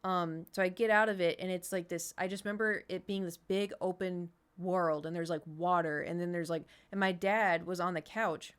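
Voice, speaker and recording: A woman's voice: on the low side, steady tone, normal speed, hardly any pauses, clear, resonant tone. A woman in her thirties, streaming and chatting casually, rambling through an anecdote and answering chat as she goes.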